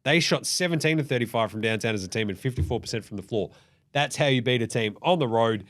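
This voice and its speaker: Man, Australian accent, basketball recap host, swears a lot, lively swinging pitch, does player voices. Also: fast. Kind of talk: casual profane game recap.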